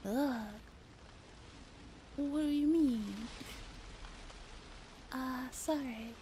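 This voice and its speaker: A woman streamer reading a story aloud in a soft-spoken ASMR style, slipping into whispers and chatting with her viewers. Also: fairly high pitch, a little slow, long pauses, a little hiss or hum. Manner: slips into whispers, chats with viewers.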